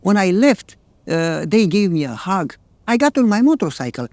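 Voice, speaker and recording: A man's voice: high voice, big pitch swings, normal speed, a little mellow, dry recording. A male pastor preaching a sermon, telling a story in plain, earnest words.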